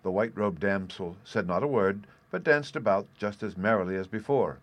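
A man narrating a storybook in a steady, measured reading. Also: on the low side.

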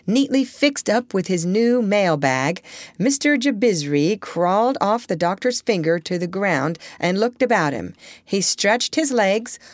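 Lively woman reading a storybook, low voice. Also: dry recording. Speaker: audiobook reader. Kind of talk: storybook narration.

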